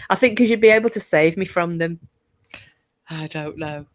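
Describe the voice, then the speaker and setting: A low-pitched woman, hosting a live stream for her viewers. She keeps up a loose, chatty flow, laughs often and swears without a second thought. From England. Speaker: livestream host. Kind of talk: casual live chat.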